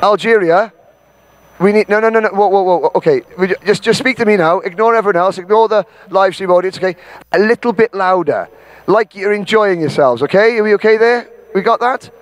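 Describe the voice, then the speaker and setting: A Welsh man from Wales hosting an event, directing a crowd with bossy jokes and shouting out names. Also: high-pitched, fairly quick. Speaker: event host. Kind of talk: directing a crowd and calling a roll.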